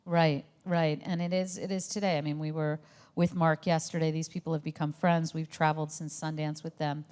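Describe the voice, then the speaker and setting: A woman's voice: deep voice, level tone, normal speed, a little mellow, clear, resonant tone. A woman film director answering interview questions, speaking thoughtfully with frequent fillers and restarts. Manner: thoughtful, hesitant with many fillers. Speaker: documentary director. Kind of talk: interview conversation.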